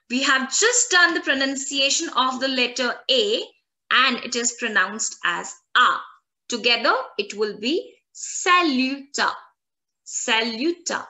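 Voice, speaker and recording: Slow-spoken bright-voiced woman teacher. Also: high voice. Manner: slow, drawn-out repetition of French words for learners. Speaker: French language instructor. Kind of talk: online language lesson.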